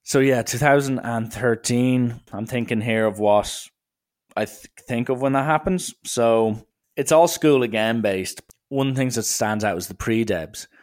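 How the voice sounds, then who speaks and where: A man's voice: medium pitch, measured pace, a little mellow. A young Irish man telling a rambling, self-mocking story about his school days in a casual way.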